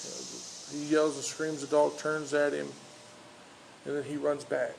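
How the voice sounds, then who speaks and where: Gravelly-voiced pastor preaching, halting delivery. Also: male voice, on the high side, level tone, noisy background. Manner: halting, many fillers and restarts. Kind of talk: informal outdoor sermon with storytelling. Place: outdoors in a park.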